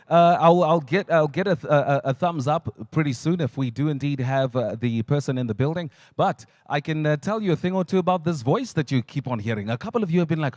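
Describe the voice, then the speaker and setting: A man's voice: on the high side, a little mellow, no echo, clean studio sound. A South African man working as MC at a live event, chatty and jokey, telling stories and slipping into voices and ad reads. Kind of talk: live event hosting with humorous storytelling. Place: stage at a launch event.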